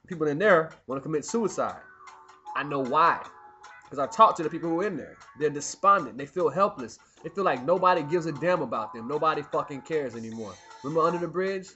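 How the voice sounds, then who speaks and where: Young guy venting to camera, mumbles low then gets loud and preachy, kinda high voice, music going behind. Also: muffled recording. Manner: emphatic, swings from low muttering to loud preachy outbursts; profane, peppered with "man" and "you know what I mean". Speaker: vlogger. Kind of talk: rambling personal monologue to camera. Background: music playing.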